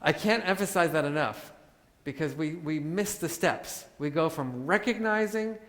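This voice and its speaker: A man giving a live talk to an audience, animated and joking as he acts out examples. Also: on the high side, normal speed. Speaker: workshop speaker. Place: large hall with audience. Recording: hall reverb.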